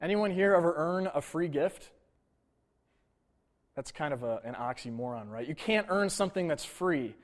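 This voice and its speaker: A male pastor delivers a sermon in a relaxed, conversational way at normal speed, his voice a bit higher than most men's. He blends scripture reading with casual asides and questions for the congregation.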